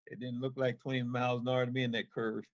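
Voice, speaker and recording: A man on a school board chats casually and tells a short anecdote. The audio is dull and dry, with no room sound, like a low-quality recording. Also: level tone, fast, dry recording. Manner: chatty, laughing as he tells a story. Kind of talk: casual chat.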